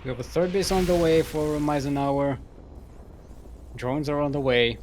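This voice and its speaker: A man's voice: a little high, steady tone, moderate pace, darkish tone, a little hiss or hum. A man casting a live strategy game tournament, giving running commentary in a goofy, playful way and laughing at his own jokes. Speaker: esports caster.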